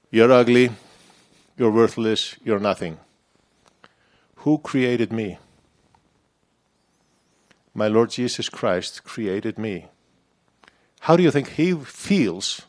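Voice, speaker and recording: Man preaching a conversational sermon. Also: mid-range voice. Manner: conversational, personal, self-deprecating preaching. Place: church.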